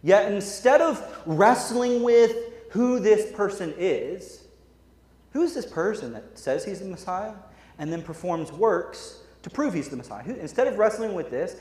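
A young man preaching a sermon as pastor, frank and conversational, telling stories in an animated way. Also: high voice, moderate pace. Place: church hall. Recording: echoey church hall.

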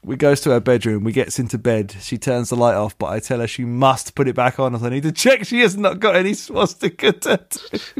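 A man's voice: medium pitch, lively intonation, a little fast, few pauses, no echo. A man hosting a podcast, reading a listener's email aloud and repeatedly cracking up with laughter. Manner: keeps breaking into giggles while reading. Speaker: podcast host.

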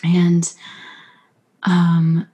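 A woman's voice: fairly low pitch, completely flat delivery. A woman hosting a conversational podcast, speaking in an affirming and reflective way. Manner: warmly affirming, slow and reflective. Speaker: podcast host.

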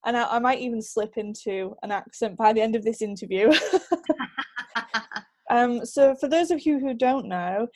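A woman's voice: fairly high pitch, normal speed, darkish tone. A woman hosting a podcast, talking with a guest over a video call and laughing easily. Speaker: podcast host. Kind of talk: conversational interview.

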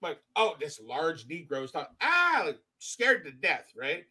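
A man co-hosting a podcast, telling stories in casual chat, cursing often, slangy and animated. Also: on the high side, a little slow, slightly rough. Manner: profane, animated storytelling with slang. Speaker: podcast co-host.

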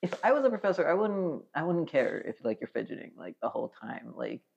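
A young man in his twenties chats loosely as a podcast guest, his voice gravelly with fry. He rambles through fillers and laughs easily, heard on slightly dull, lo-fi audio. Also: on the high side, big pitch swings, fairly quick, slight background noise. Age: 20s. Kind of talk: casual podcast chat.

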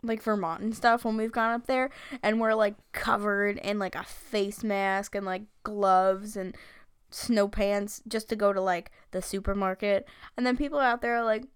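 A woman's voice: mid-range voice, steady tone, moderate pace, clear, resonant tone. A young woman with a Long Island accent co-hosting a podcast, chatting loosely with jokes, frequent swearing and lots of likes and ums. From Long Island, New York. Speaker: podcast co-host. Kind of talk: casual chat.

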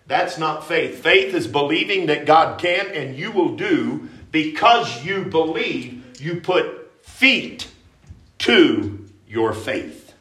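A man preaching a revival sermon with emphasis and repetition, rising at times to sudden shouts. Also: on the high side, sing-song, slow. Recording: roomy church echo.

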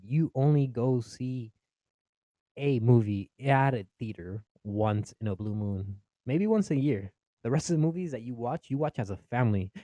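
A man's voice: mid-range voice, warm tone, dry recording. A young Mexican-American man doing stand-up comedy, swearing freely, laughing at his own jokes and acting out his family.

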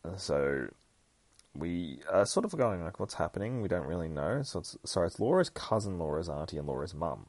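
A man with a very low voice hosts a comic book podcast. He retells an issue casually, rambling and swearing, with many fillers. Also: very animated, normal speed, darkish tone, no echo.

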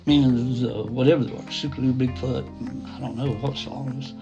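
A middle-aged man tells his own story in a rough, gravelly voice, circling back with restarts and asides. A soft guitar plays faintly under him. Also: medium pitch, steady tone, normal speed, muffled recording. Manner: quoting others in a plain voice. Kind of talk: first-person story narration. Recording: soft guitar music behind.

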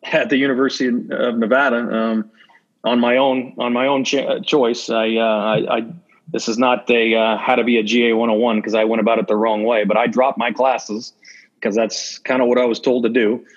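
An assistant football coach, a man appearing as a podcast guest, talks candidly in a casual interview and acts out old conversations while telling stories. His mid-range voice holds a level tone at normal speed, captured on dull lo-fi audio.

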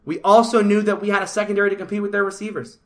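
A man's voice: sits high, flat delivery, racing. A man hosting a sports talk show, ranting about his football team with frustrated, repetitive emphasis. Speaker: sports podcast host. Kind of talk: opinionated sports talk rant.

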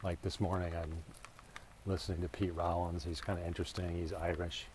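A low-voiced man with a dark, mellow tone chats through a casual podcast while walking his dog outside. He meanders and restarts his sentences often, and a faint hum of noise sits behind him. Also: level tone, fairly quick. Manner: chatty, meandering, self-interrupting with restarts. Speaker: podcast host. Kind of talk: casual rambling monologue. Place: outdoors, walking a dog in a residential neighbourhood. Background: pool pump noise.

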